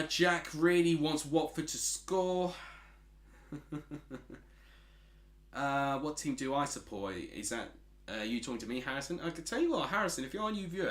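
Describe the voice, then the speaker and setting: Chatty Essex man with a lively voice. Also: on the high side, echoey room. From Essex, England. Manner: chatty, reads out chat messages. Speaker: streamer. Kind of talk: casual football watchalong commentary.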